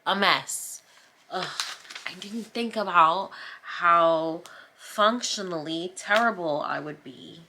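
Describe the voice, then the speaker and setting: Here the painting vlogger, a New Jersey woman in her thirties, takes it slowly, her low-leaning voice pushed and bright. She rambles to viewers in a self-mocking, playfully dramatic way, and her camera mic carries a little hiss or hum.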